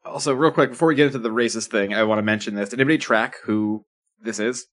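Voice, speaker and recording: A man co-hosting a casual movie podcast, animated and quick with film trivia. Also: on the low side. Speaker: podcast co-host. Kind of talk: casual movie-review chat.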